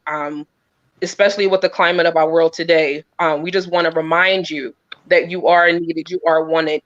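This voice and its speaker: A woman on a video call giving a sincere, encouraging talk, earnest and pausing with frequent ums. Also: on the low side, a bit bright, dry recording. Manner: earnest, many pauses and filler ums. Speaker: guest speaker. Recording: dull, dry lo-fi sound.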